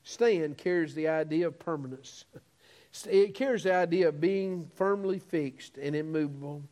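A man preaching a sermon, swelling into emphatic peaks, stretching out key words and dropping to quiet, low phrases. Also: moderate pace.

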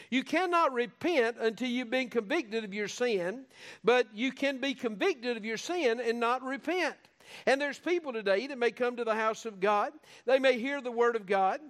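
A man's voice: very high voice, a bit bright. A man preaching an earnest sermon, with folksy asides and restarts.

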